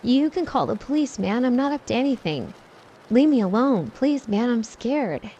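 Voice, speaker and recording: A woman's voice: on the high side, big pitch swings, normal speed, mellow, highs cut off, a little hiss or hum, voice pushed up. Woman putting on a stammering nervous man. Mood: frightened pleading. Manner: stammering, pleading. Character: nervous stammering man in his early thirties.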